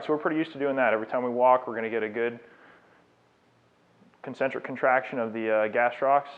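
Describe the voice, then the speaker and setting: A man who is a fitness trainer, giving a live demonstration lecture and coaching a client through exercises. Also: medium pitch. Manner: coaching instructions, encouraging and explanatory. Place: fitness studio. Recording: tinny phone-like sound.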